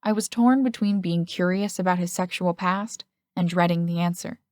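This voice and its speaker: A woman reading a first-person audiobook in a steady, intimate storytelling manner. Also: fairly low pitch, normal speed, dry recording, studio quality. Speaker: audiobook narrator.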